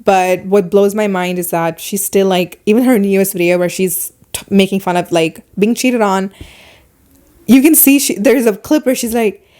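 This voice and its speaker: A woman's voice: medium pitch, moderate pace, dark tone. A young woman hosting a casual podcast, ranting bluntly and with exasperation. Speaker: podcast host.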